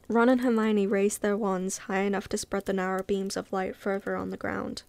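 A woman reading a novel aloud casually, relaxed and unpolished, sometimes stopping to comment. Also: mid-range voice, normal speed, creaky, few pauses. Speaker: reader.

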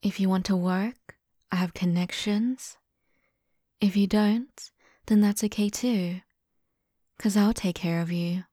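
A woman playing an obsessive devoted lover, in a slow whispered role-play. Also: mid-range voice, fairly even intonation, no room sound, clean studio sound. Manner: soft, intimate, half-whispered.

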